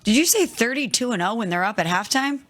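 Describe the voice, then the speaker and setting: A man's voice: very high voice, animated, fast, sharp tone. A man hosting a sports talk show, reading out stats and handing questions to his co-hosts. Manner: reads out stats and tees up co-hosts.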